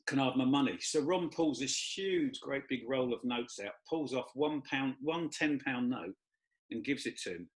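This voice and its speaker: A man, hosting a casual chat and telling lively anecdotes in which he acts out the people he quotes. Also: mid-range voice, unhurried. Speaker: host.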